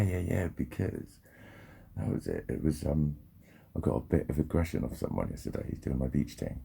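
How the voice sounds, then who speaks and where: A man's voice: extremely low pitch, gravelly, warm tone, slightly rough. A man rambling and swearing freely through a casual vlog monologue, often breaking off and restarting his sentences. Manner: rambling, sweary, self-interrupting. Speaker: vlogger.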